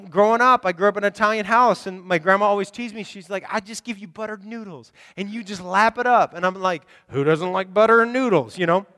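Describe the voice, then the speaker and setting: A man's voice: very high-pitched, pushed and bright. A man preaching a conversational sermon as pastor, rambling and often repeating words as he talks. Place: church sanctuary. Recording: long reverb of a large hall.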